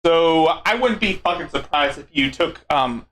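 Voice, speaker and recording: A man's voice: on the high side, lively intonation, normal speed, a bit bright. A man hosting a live stream commentary, mocking and sarcastic, saying he is losing his voice.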